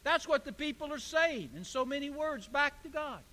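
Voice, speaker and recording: A high-voiced, bright-toned male pastor delivers a sermon, swinging from quiet asides to loud emphatic bursts. His voice rings out with a long echo in a large hall. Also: lively intonation, normal speed, few pauses. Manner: preaching with rising emphatic bursts. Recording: echoey hall.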